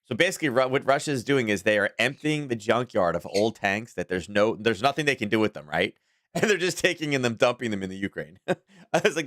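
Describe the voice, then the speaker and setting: A man hosts a live market analysis stream in a loose, rambling way, chuckling between points. His voice sits at a middling pitch, recorded close and dry with no room sound. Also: animated, fairly quick, a bit bright, no room sound. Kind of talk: casual market commentary.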